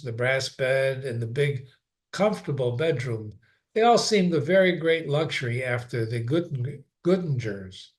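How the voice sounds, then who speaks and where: A man reading a novel aloud in an unhurried way, sometimes stopping for a brief aside of his own. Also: mid-range voice. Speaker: reader.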